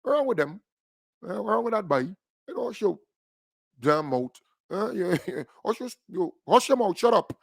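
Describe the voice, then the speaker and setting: Animated Grenadian man hosting radio. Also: high-pitched, normal speed, gravelly, pauses often, slightly rough, no room sound, studio quality. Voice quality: animated, laughing, Caribbean creole phrasing. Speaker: radio show host. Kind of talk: casual radio talk with a caller.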